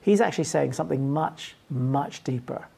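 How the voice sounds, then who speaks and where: Earnest woman pastor, husky and fairly low, preaching with frequent restarts. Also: animated, normal speed, warm tone. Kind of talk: sermon.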